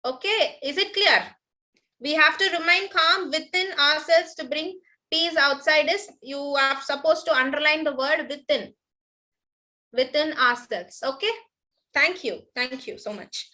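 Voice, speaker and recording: A woman teacher with an Indian English accent leads an online class in a high, bright voice. She patiently repeats each instruction, filling the gaps with "okay" and thanks. Her tone stays clear and ringing throughout. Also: measured pace, poor audio.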